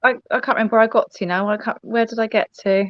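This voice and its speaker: A woman guest telling her story in a casual interview, halting with many ums and restarts. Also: fairly high pitch, steady tone, dry recording. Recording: dull lo-fi dry sound.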